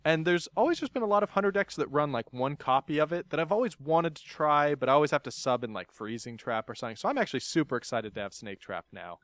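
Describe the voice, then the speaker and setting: A playful, teasing man hosts a casual podcast chat. His voice sits a little high and swings widely up and down. He is recorded close on a dry mic with no room sound. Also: animated, fast, few pauses, fairly bright tone, no room sound. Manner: playful, teasing, laughs often. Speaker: podcast host.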